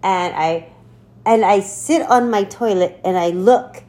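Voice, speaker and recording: A woman of middle pitch co-hosting a casual podcast and telling a story. She gets animated, laughs freely and drops the odd curse word. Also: slow pace. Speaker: podcast co-host.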